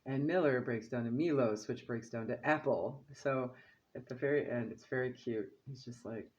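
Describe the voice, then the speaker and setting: A man's voice: medium pitch, moderate pace, lo-fi sound. A man giving a casual oracle card reading, who chats along and keeps checking in with "okay?" and "right?". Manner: chatty, asks "okay?" and "right?" often.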